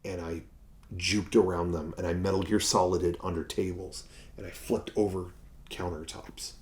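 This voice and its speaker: Low-pitched man, mock-epic storytelling, dramatic swings from loud to whispery. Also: little pitch movement, moderate pace. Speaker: toy collector vlogger.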